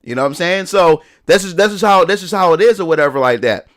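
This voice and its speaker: A young male live streamer with a high voice talks fast, his intonation lively. His chat is casual, rambling and slangy, packed with fillers and restarts.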